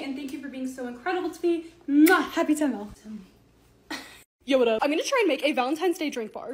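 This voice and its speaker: A young woman in a casual unboxing vlog, talking in a gushing, excited way in her living room. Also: sits high. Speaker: lifestyle content creator.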